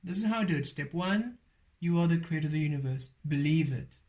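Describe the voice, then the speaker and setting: A man's voice: a little high, lively intonation, fairly quick, a little mellow. A man giving a spiritual tarot card reading, emphatic and repeating his affirmations. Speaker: tarot reader.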